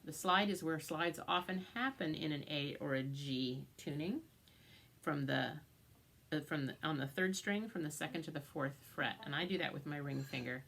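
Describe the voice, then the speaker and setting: A low-pitched woman with vocal fry teaches a banjo tune at a moderate pace while loud banjo plays in the background. Her instruction is patient and step by step, covering strings and frets, with the picking rhythms chanted aloud.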